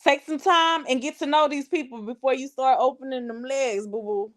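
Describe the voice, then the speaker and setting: Congested woman, sassy live-chat host, a bit high-pitched. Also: normal speed. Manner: sassy, talks straight to viewers, reads comments aloud. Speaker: livestream host. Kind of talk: casual live-chat commentary.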